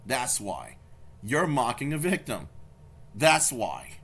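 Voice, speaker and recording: A man's voice: medium pitch, wildly swooping pitch, slow, vocal fry, a bit bright, breathy edge. A man doing angry reaction commentary, confrontational and swearing, repeating his points over and over. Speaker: YouTube commentator.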